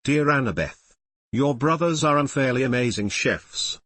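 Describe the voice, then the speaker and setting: A man's voice: mid-range voice, lively intonation, normal speed, fairly bright tone, no room sound. A man reading aloud, voicing a lovesick, awkward teenage boy hero who confesses in tender notes. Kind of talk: audiobook reading of fan fiction.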